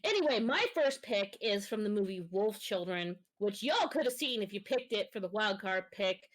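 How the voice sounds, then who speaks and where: A woman co-hosting a casual podcast, running through her picks in a brisk, offhand way. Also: medium pitch, animated, rough recording. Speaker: podcast co-host.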